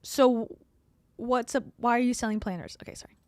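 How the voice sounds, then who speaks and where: A woman's voice: a little high, a little fast, darkish tone, dry recording. A woman streaming live and reacting to a podcast clip, making sarcastic, exasperated asides and chuckling often. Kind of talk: casual livestream reaction commentary.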